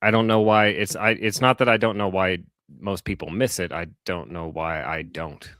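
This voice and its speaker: A man co-hosting a hunting podcast, chatting casually and telling lively stories with plenty of swearing. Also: low-pitched, normal speed, no echo, clean studio sound. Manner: animated storyteller, swears freely. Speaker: podcast co-host. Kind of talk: casual banter among friends.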